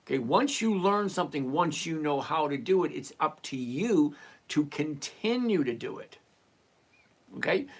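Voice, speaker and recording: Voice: medium pitch, animated, a little slow. A trading streamer with a mid-range voice, talking casually to viewers over a desktop mic. The delivery is blunt and lecturing, and the host repeats rules over and over. Exasperated asides and the odd mild curse keep the chat loose. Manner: mildly profane, exasperated asides. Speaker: stock trading livestream host.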